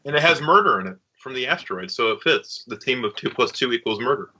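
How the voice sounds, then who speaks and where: A man's voice: medium pitch, animated, fast talker, sharp tone, highs cut off, a little hiss or hum. A man co-hosting a casual podcast, throwing in dry, sarcastic quips. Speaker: podcast co-host. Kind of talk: casual chat.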